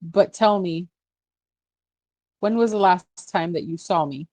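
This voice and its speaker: A woman's voice: on the low side, takes it slowly, warm tone, no room sound. A woman speaking in character as a composed empress giving brief orders in a tabletop game. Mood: commanding. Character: commanding empress, calm and regal.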